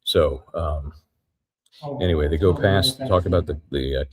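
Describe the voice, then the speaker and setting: A man giving a live courtroom recap as a trial reporter, retelling events in a halting, methodical way. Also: very deep voice, crowd noise.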